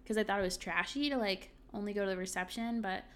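A young woman hosts a solo podcast, chatting candidly and reading from her journal, peppering her talk with ums and likes. Her voice is mid-range, fairly bright, and fast.

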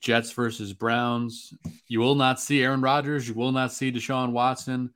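A man's voice: medium pitch, level tone, normal speed, a bit bright. A man guesting on a casual sports podcast, laid-back and wisecracking.

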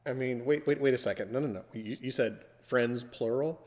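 A man's voice: medium pitch, moderate pace, a little mellow, big-room sound. A man hosting a casual podcast, teasing his guest in a playful, theatrical way. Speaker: podcast host.

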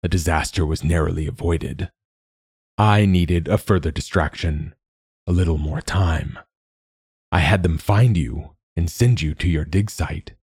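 A man voicing an ancient, secretive machine god in a storybook reading, with a rasping, slow and measured delivery. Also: sits low, darkish tone, no room sound, clean studio sound, exaggerated voice. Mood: solemn. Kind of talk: audiobook narration.

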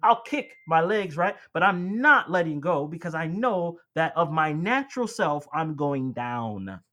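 A man preaching a sermon with a slightly higher voice than most men. He talks to his listeners like friends, pushes his key lines up with emphasis, and then drops back to a calm, conversational tone. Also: a little slow. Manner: addresses listeners as beloved and friends.

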